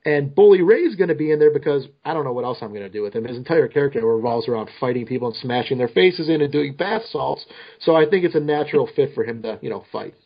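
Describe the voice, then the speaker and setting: A man's voice: medium pitch, expressive, fast talker, breathy edge. A man talking as a guest on a podcast, in loose, joking chat with a lot of swearing. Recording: muffled lo-fi podcast audio.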